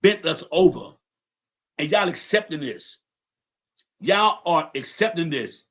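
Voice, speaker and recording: Speaking slowly with lively intonation, a man with a slightly bright, high-leaning voice hosts a podcast livestream. His rant is angry, profane and confrontational, with points repeated for emphasis.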